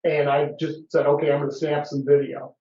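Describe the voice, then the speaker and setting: Man, fairly high voice, patient explainer, casual club talk, echoey room, dull sound. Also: little pitch movement, brisk, warm tone, slight background noise. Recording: roomy, muffled meeting recording.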